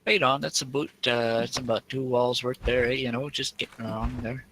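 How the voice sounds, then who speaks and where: A man's voice: medium pitch, level tone, brisk, a bit bright, slight background noise, rough recording. A Canadian man chatting casually with friends on voice chat while playing a game, laid-back and joking. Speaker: game player.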